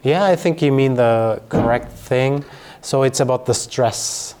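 A man teaching grammar to a learner, explaining patiently with fillers and slow, careful pronunciation examples. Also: medium pitch, a little mellow, smooth. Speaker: German teacher.

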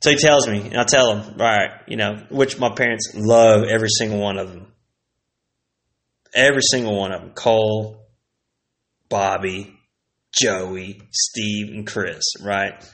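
A man's voice: on the low side, steady tone, unhurried, pauses often, a bit bright. A man in his forties telling old stories alone on a stream, rambling, slangy and profane. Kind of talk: casual storytelling alone.

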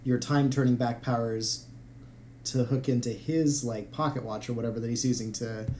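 Male co-host, casual game chat, halting and unsure, faint hiss behind. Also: medium pitch, fairly even intonation, mellow. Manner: hesitant, many fillers and restarts. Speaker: podcast co-host.

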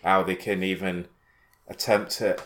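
Man, casual chat, bright tone, reactive and easily amazed. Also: deep voice, flat delivery, measured pace. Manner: reactive, short amazed replies.

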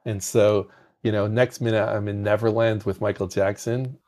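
A man, a podcast guest, telling animated anecdotes with a softened foreign accent, often repeating words as he starts sentences. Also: on the low side, normal speed. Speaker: podcast guest, game industry founder. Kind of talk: conversational storytelling.

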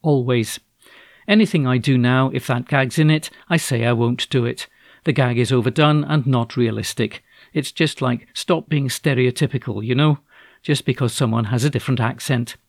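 A man's voice: mid-range voice, dry recording. Scottish man reading the news, dry. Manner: steady, measured reading. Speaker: volunteer newspaper reader. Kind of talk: read-aloud newspaper articles.

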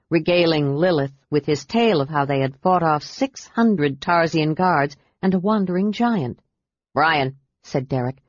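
Low-voiced woman reading a fantasy audiobook. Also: darkish tone, dry recording. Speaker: audiobook narrator. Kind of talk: scripted narration. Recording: dull dry audiobook recording.

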